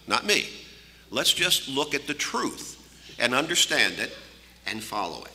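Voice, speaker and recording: A man's voice: on the high side, lively intonation, moderate pace, pushed and bright. Emphatic male preacher in a reverberant hall. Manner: emphatic, preachy, repeats words when stressing a point. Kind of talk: sermon.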